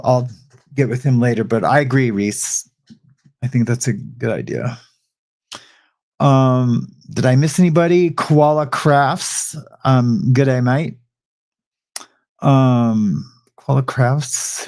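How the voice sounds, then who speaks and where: This livestream host, a middle-aged man, has a mid-range, slightly mellow voice. He talks casually with his live audience, rambling through a story with frequent restarts and side comments.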